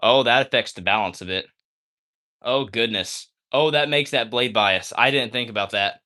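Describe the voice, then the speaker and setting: This livestream host talks at a moderate pace in a mid-range voice while playing with a balisong on a casual stream. His excitement shows, and "all right?" keeps popping up at the ends of his sentences.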